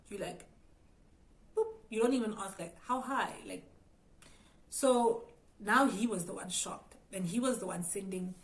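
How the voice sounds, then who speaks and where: A young woman with a South African accent tells a personal story straight to her viewers. Her voice sits at an ordinary middle pitch, and she switches quickly between plain telling and acting out what she thought at the time. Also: low-quality recording. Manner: animated, talks straight to viewers, acts out her own past thoughts. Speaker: YouTuber. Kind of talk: storytime vlog.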